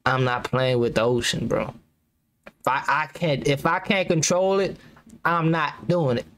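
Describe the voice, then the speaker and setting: A man's voice: fairly high pitch, a little slow, fairly bright tone, slight background noise. A young man giving rambling, slangy reaction commentary as a YouTuber, laughing nervously between remarks.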